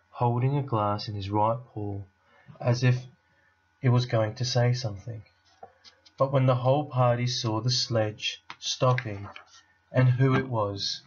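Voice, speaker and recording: A man, a teacher, reading a children's novel aloud to his class in a steady, unhurried way. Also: medium pitch, highs cut off.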